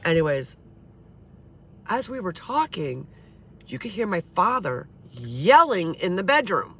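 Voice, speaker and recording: Chatty, foul-mouthed woman storyteller with a bright, forceful tone. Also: fairly low pitch, very animated, measured pace, long pauses, husky. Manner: blunt, swears freely, chatty. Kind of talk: casual storytelling.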